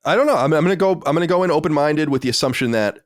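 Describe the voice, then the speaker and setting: A man co-hosting a podcast in casual chat, opinionated and prone to quick restarts. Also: a little high, animated, no echo. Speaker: podcast co-host.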